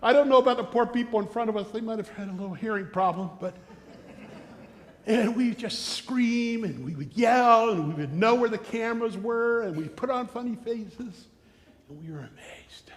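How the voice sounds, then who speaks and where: A man with an American accent preaching a sermon, telling stories and acting out shouted quotes. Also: very high voice, animated, normal speed, big-room sound. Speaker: pastor. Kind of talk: sermon with storytelling. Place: church sanctuary.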